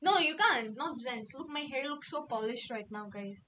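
A woman's voice: high voice, lively intonation, moderate pace, pushed and bright. A young woman from India chatting casually on a livestream, playful and giggly, repeating words over and over. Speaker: streamer.

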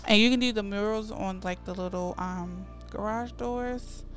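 A woman giving casual, expressive gameplay commentary as a gaming creator, chatty and at times heated and dramatic. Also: mid-range voice, normal speed, soft background music.

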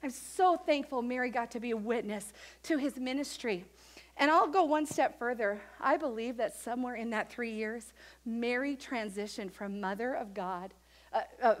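A woman pastor preaching a sermon in an animated, emphatic storytelling manner. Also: fairly high pitch, moderate pace.

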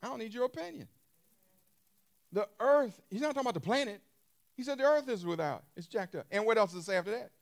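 Male preacher, higher-pitched, very expressive delivery, casual emphatic sermon style. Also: quick pace, creaky, pauses often. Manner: emphatic, rhetorical questions to the congregation; loose colloquial speech.

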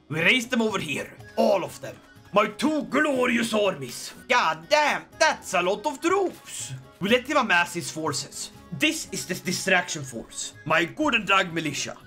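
A man giving jokey, excitable gameplay commentary, breaking into sudden shouted outbursts. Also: high voice, unhurried, creaky, soft background music. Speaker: gaming video creator.

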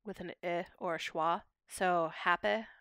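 Her lowish voice has vocal fry and a slightly bright quality, moving at a moderate pace, and the clean studio recording has no room sound. She's a young woman from Pittsburgh, USA, a linguistics PhD student articulately and academically explaining her research on a podcast.

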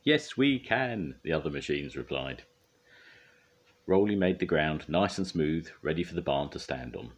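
An older man reading a children's storybook aloud in a gentle, expressive way. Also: rumbling low, moderate pace, husky.

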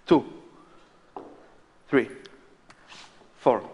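A man's voice: very slow, dull audio. A man performing as a mentalist on a live stage, joking nervously with volunteers in slightly unidiomatic English. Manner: joking, nervous, non-native phrasing. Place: large theatre stage before a live audience. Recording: live stage sound with long hall reverb and audible noise.

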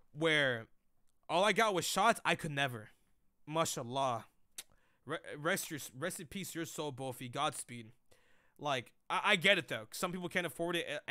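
A man's voice: on the high side, no room sound, clean studio sound. A young man streaming, telling stories to his chat in a casual, profane, joking way. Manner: profane, joking, animated storytelling.

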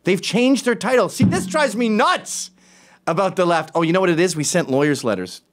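Male host, sarcastic animated ranter, lively higher voice. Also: brisk. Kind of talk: opinion commentary.

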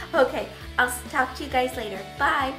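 A woman's voice: high voice, normal speed, fairly bright tone, faint music behind. A woman beauty vlogger talking casually through a makeup tutorial, chatty and giggly with plenty of fillers.

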